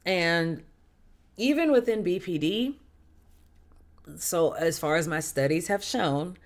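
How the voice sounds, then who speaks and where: Animated casual streamer telling a story. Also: mid-range voice, slow. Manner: animated, expressive, with slang.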